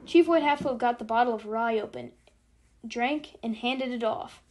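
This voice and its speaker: Brief: female audiobook narrator, slightly high voice, steady storytelling. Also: moderate pace, a little hiss or hum.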